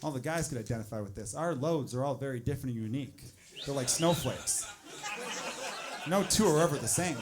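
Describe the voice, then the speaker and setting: A man performing a stand-up comedy set on stage, animated and swinging into loud exasperated bits. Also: medium pitch, a little fast, some chatter behind. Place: comedy club stage with audience laughter. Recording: noisy live club recording.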